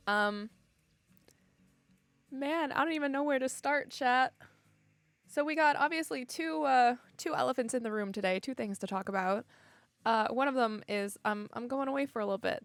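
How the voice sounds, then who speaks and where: A woman's voice: on the high side, no room sound. A young adult woman streaming from home, chatting casually with her viewers in a giggly, easily emotional way. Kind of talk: casual chat with live viewers. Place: home room.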